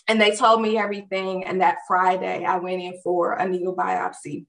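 A woman casually telling a personal story, animated and chatty, with lots of fillers as she acts out what others said. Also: lowish voice, fairly quick, few pauses. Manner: conversational with frequent fillers. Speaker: storyteller recounting a personal experience. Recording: roomy and distant from the mic.

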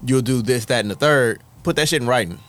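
A man's voice: medium pitch, fast, fairly bright tone. A man co-hosting a sports podcast, talking casually and often trailing off. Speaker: podcast co-host.

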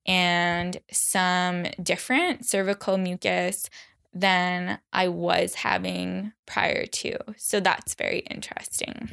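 Chatty young woman podcast host, slow easy pace, smooth clear voice, says like a lot. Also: a bit bright. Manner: chatty, lots of "like", acts out quotes in a high voice. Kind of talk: solo podcast chat.

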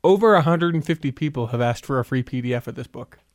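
A man's voice: mid-range voice, lively intonation, quick pace, dry recording. Casting: male podcast host, sore tongue, rambling and teasing, dry booth sound. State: sore tongue affecting his speech. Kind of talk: casual podcast chat. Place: home studio.

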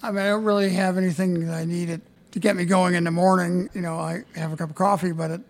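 A man's voice: little pitch movement, fast, creaky. A man, a theatre stage manager, telling backstage stories in a dry, understated way as a guest on an interview show. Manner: dry, understated, low-key. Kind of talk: casual interview storytelling.

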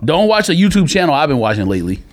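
A man's voice: on the high side, big pitch swings, rapid-fire. A man co-hosting a podcast in casual chat, teasing his partner with joking banter. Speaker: podcast co-host.

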